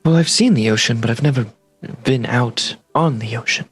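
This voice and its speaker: A man's voice: mid-range voice, moderate pace, husky, faint music behind. A man playing his character in a tabletop game, earnest, curious and a bit hesitant. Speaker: player voicing his character. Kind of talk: in-character tabletop role-play.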